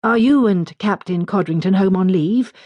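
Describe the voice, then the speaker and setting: A woman voicing an earnest, flustered woman near thirty, speaking in a polite, halting manner, in an audiobook. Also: mid-range voice, no room sound, muffled recording, pitched above the performer's own voice, lightly acted.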